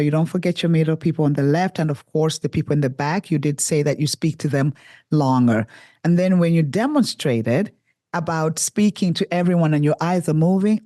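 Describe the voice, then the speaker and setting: A woman's voice: low voice, warm tone, no room sound, clean studio sound. A woman hosting a podcast interview, speaking enthusiastically with effusive praise for her guest. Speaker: podcast host.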